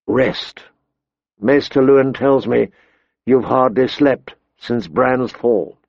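An earnest teenage lordling, read by a male narrator, speaking low, soft and soothing to his mother. The audiobook sound is dry and a little dull. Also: slow, vocal fry, dry recording. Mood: gentle.

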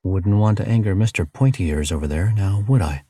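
Man playing sarcastic human captive, wry asides, deep mellow voice, dry recording. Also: a little fast, slightly rough, dry recording.

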